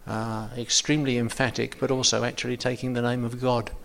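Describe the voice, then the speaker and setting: A man's voice: mid-range voice, little pitch movement, a little fast, creaky, a bit bright. A man leading an informal Bible study, talking hesitantly with many ums and restarts.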